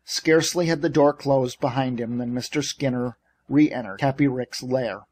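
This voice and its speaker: A medium-pitched man narrates an audiobook from a script, measured and expressive in a storytelling style.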